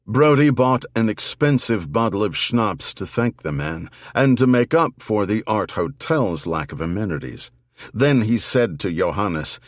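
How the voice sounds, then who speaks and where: A man narrating a thriller audiobook in a measured, expressive reading. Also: deep voice, dry recording, studio quality. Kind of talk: scripted narration.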